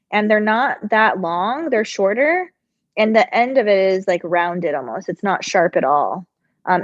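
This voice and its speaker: A woman's voice: medium pitch, dry recording. Woman host, middle-aged, rambling casual chat, slightly congested, dry and dull-sounding mic. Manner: chatty and rambling, answers viewer questions. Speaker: sewing channel host. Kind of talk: casual live-stream chat while working.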